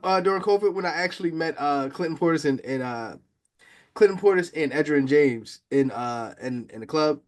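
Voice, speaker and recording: A man hosting a casual football chat, excitable and quick to laugh. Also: fairly high pitch. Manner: lively, excitable, laughs often. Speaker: podcast host.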